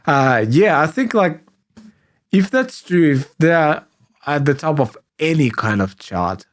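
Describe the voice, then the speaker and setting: A man co-hosting a podcast in casual chat, hoarse and sick with flu, hesitant and full of fillers. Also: fairly high pitch, sing-song, slow pace. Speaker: podcast co-host.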